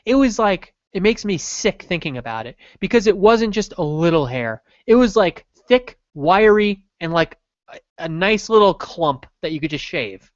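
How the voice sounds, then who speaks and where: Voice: mid-range voice, lively intonation, moderate pace, no echo, lo-fi sound. A podcast co-host telling a crude, joking story in casual chat, rambling along with lots of filler words.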